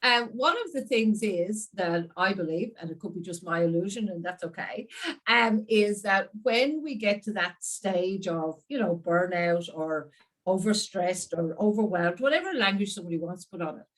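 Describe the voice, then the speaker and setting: A woman's voice: medium pitch, normal speed, fairly bright tone, distant mic, rough recording. An Irish woman hosting a conversational interview, talking with enthusiasm and often laughing. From Ireland. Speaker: interview host.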